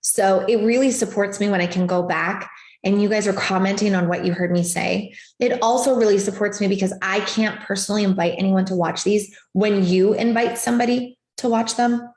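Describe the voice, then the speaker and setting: A woman's voice: mid-range voice, fairly even intonation, fairly quick, a little mellow, roomy sound. A woman hosting a live stream as a life coach, giving an emphatic, repetitive motivational talk over a video call. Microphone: video call setup.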